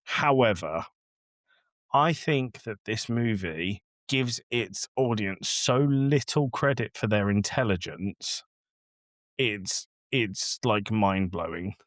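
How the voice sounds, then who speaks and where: Taking it slowly, a man with a fairly low, expressive, slightly bright voice co-hosts a podcast about a film. His casual chat turns into exasperated ranting, and he acts out scenes from the movie. The sound is dry and clean, studio quality.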